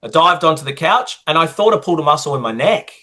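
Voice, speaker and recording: An Australian man, a guest, telling a personal story in an interview with lively acted-out dialogue. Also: a little high, fast. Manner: animated, acts out quoted dialogue.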